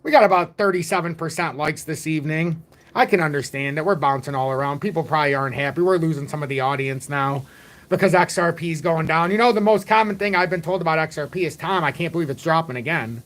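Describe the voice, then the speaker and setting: A man's voice: fairly high pitch, fast talker, a bit bright. A man in his forties hosting a casual crypto livestream, rambling and joking at his own expense. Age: 40s. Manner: rambling, jokey, self-deprecating. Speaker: crypto channel host.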